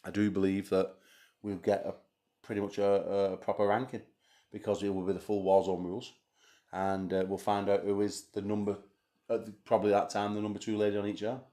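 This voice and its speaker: A man's voice: lowish voice, little pitch movement, brisk, dark tone. A man hosting a casual chat, teasing and crude, laughing often. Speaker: host. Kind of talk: casual banter.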